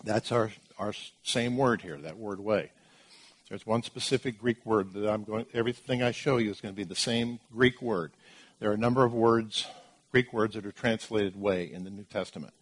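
A man's voice: on the low side, moderate pace, husky. A man preaching a sermon, teaching through Bible verses in an emphatic way, with asides and restarts as he explains.

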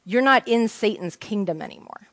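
A woman's voice: mid-range voice, expressive, normal speed, a bit bright, no room sound. Woman teaching scripture, dry close sound. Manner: conversational, asks the group questions, reads scripture aloud. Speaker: Bible teacher. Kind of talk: informal Bible teaching to a group.

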